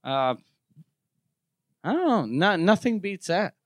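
A man from Quebec in casual chat, telling stories in an animated way, cursing and acting out the voices of the people in them. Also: high-pitched, slow pace, no room sound, studio quality. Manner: animated, swears freely, acts out quoted voices.

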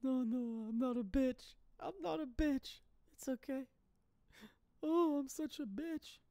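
A man voicing a whiny tipsy young woman after a fall, shrill and self-pitying. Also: slow pace, dark tone, no echo, studio quality, heavily acted. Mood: whimpering.

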